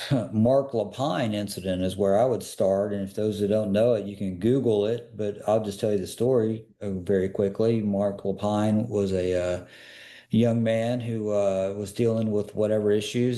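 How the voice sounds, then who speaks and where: Warm and fairly low-pitched, this man's voice carries his stories as a guest on a podcast. He works in personal security, and in this casual interview he's earnest and emphatic, hammering listeners with questions again and again.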